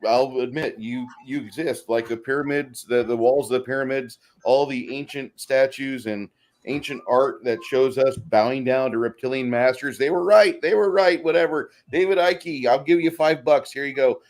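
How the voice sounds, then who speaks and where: A man's voice: medium pitch, steady tone, normal speed, darkish tone. A man guest in a casual livestream chat, sarcastic and rambling, swearing freely.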